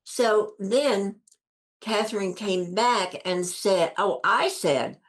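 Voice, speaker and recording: In a mid-range voice at a slow pace, an older woman shares a personal story during an interview. Earnest and emphatic, she voices others' words with a raised pitch and repeats phrases to drive them home.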